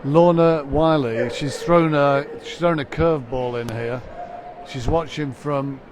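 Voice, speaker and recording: A man's voice: a little high, measured pace, background noise. A man presenting a live dog show stream, chatting with his co-commentator and reading out greetings from viewers.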